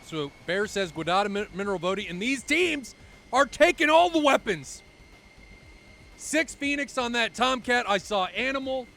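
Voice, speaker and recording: A man commentating a live flight-simulation match stream in a chatty, excitable way, swearing now and then and poking fun at himself. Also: very high-pitched, moderate pace, creaky. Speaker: esports commentator.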